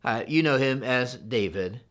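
Animated, bright-voiced man preaching. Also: mid-range voice, unhurried. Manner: animated, conversational preaching with acted asides. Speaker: pastor. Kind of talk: sermon.

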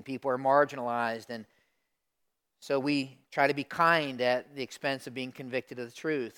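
A middle-aged man preaching a sermon as pastor, swinging from hushed asides to loud emphatic lines. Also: mid-range voice, clean tone.

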